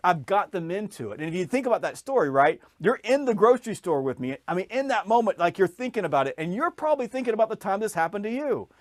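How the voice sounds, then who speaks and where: A man with a fairly high speaking voice tells a story with lots of energy, jumping up in pitch as he acts out the people in it. The sound is dry and close, with no room around it. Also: fast talker, hardly any pauses, dry recording. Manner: lively storyteller, acts out voices, rises in pitch when excited. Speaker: podcast guest, sales author. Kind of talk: animated storytelling in conversation.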